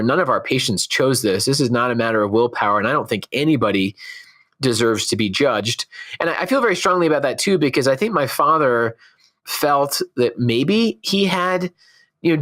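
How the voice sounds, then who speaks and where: A man's voice: mid-range voice, fairly bright tone. Earnest man, Scottish-born, American-sounding. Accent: American, Texan-leaning with faint Scottish traces. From Scotland. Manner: earnest, reflective, laughs easily. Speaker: oncologist guest. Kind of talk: conversational interview.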